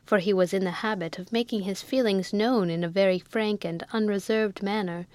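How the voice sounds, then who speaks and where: A woman narrating a classic novel in a measured, even storytelling manner, close to the mic. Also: medium pitch, dry recording. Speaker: audiobook narrator.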